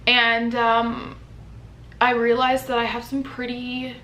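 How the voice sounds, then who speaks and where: A woman's voice: a little high, completely flat delivery, takes it slowly, bright, forceful tone. A young woman vlogger talking candidly to camera, chatty and personal, full of "like" fillers. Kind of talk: candid vlog talk to camera. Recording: faint city noise behind.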